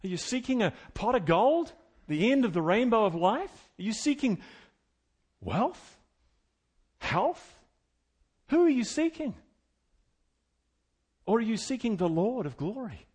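Man preaching, high voice, middle-aged, folksy asides, loud-to-quiet dynamics. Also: sing-song, measured pace, pauses often, slightly rough. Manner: dramatic swings between loud preaching and quiet storytelling. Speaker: pastor. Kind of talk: sermon.

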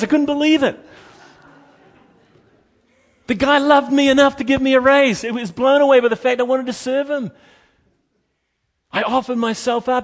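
A man preaching a sermon, animated and emphatic, moving between quiet asides and loud, lively passages. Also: very high voice, moderate pace. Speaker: pastor.

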